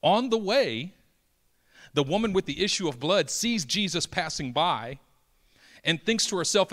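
A man preaching a dramatic sermon, swinging from hushed lines to loud, building emphasis and acting out the voices of Bible characters. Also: on the high side, lively intonation, moderate pace. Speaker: pastor.

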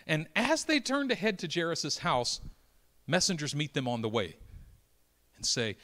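A man preaching a dramatic sermon, swinging from hushed lines to loud, building emphasis and acting out the voices of Bible characters. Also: fairly high pitch, expressive, moderate pace. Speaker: pastor.

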